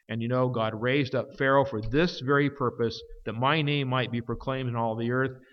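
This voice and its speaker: A man preaching a sermon, emphatic, swinging from forceful peaks down to quiet, low stretches. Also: fairly even intonation, moderate pace, few pauses. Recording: dull sound with long hall reverb.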